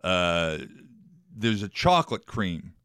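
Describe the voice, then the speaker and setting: A man's voice: sits low, big pitch swings, slow, fairly bright tone, clean tone, no echo, clean studio sound. A man co-hosting a classic rock radio show, chatting casually and laughing hard at his own jokes.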